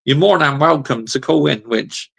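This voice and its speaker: A man hosts a live football reaction stream, his voice gravelly with a rough edge. He rants with heat, swears freely and keeps laughing at chat messages. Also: on the high side, normal speed, fairly bright tone. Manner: heated, ranting, swearing, laughing often. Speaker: football channel host.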